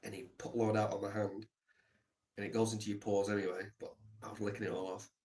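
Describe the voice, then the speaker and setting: A man live streaming, telling a reflective story in a soft, halting way with many pauses. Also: lowish voice, little pitch movement.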